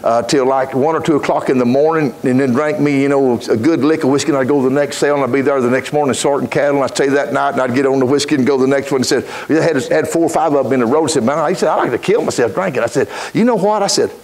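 A middle-aged man preaching a folksy storytelling sermon in church, building from easy anecdote into shouted fervor. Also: medium pitch, fast talker, hardly any pauses. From Texas.

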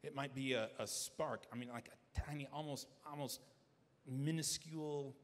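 A man's voice: medium pitch, fairly even intonation, normal speed. A man preaching a sermon as pastor, earnest, often restarting his phrases. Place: church sanctuary. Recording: long church hall reverb.

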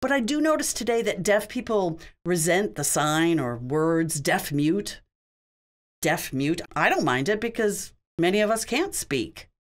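Speaking at a normal pace with few pauses, this woman has a medium-pitched, sing-song voice. As a sign language interpreter, she voices a signed Q&A session in short phrases, keeping it conversational and explanatory.

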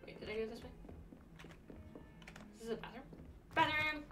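A young woman streaming a video game, chatting excitedly to herself and breaking into sudden squeals. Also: fairly high pitch, brisk, distant mic, over music. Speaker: let's play streamer. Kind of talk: casual gameplay commentary.

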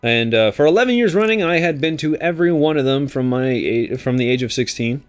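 A young Canadian man with a medium-pitched, clear, resonant voice talks briskly. Co-hosting a let's play, he chats casually and jokes as he plays, animated and doing silly voices.

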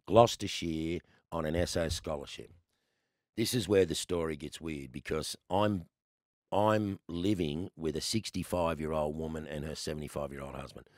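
Deep-voiced Australian man in his sixties. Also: dry recording, studio quality. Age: 60s. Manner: lively storyteller, laughs often. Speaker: guest, former cricketer. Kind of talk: casual podcast chat.

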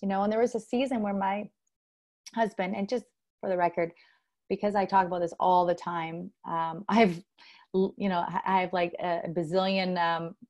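A middle-aged woman relationship coach giving an earnest, animated motivational talk, acting out what other people say. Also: fairly low pitch, moderate pace. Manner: earnest and animated, acts out quoted voices.

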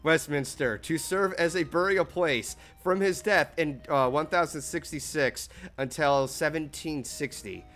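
A man's voice: fairly high pitch, a little slow, hardly any pauses, a bit bright, soft background music. A man streaming a game with friends, reading on-screen text aloud between laughs and curses. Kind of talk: casual game-stream chat.

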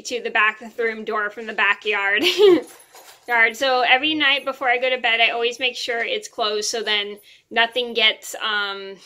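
A woman's voice: fairly high pitch, little pitch movement, normal speed, sharp tone. A young woman vlogger telling a story to camera in a chatty, rambling way, full of ums and restarts.

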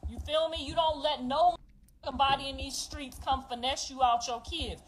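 High-voiced blunt woman in her fifties. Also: steady tone, normal speed, rough recording. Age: 50s. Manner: emphatic, blunt, confessional. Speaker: mother telling her life story. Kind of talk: emotional livestream rant.

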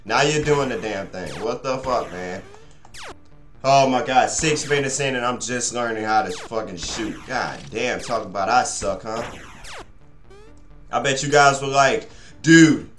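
A man's voice: mid-range voice, a bit bright. A young man grumbles and curses through a let's play, rambling on to his viewers as he goes. His voice sits in a middling register and bounces around an echoey room. Faint game music plays underneath. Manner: frustrated, swears a lot, rambles to viewers. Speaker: gaming channel host.

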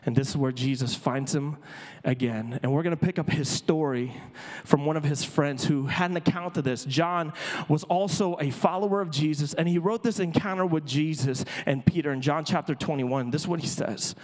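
A man preaching a sermon as a pastor, storytelling with emphasis and dramatic pauses. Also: a little high. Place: church auditorium. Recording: echoey church hall.

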